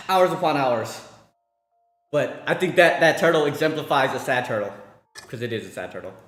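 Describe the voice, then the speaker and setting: A man's voice: medium pitch, moderate pace, a bit bright, roomy sound, faint music behind. A man streaming while he cooks, chatting casually with his viewers, rambling and repeating himself. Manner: rambling, repeats words, talks to chat between cooking. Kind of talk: casual chat with chat while cooking.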